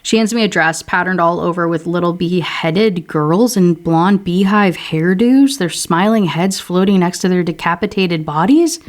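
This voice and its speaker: A young woman reviewing a book, reading passages aloud with casual asides in between. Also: lowish voice. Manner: brisk reading, casual asides, slips into character voices.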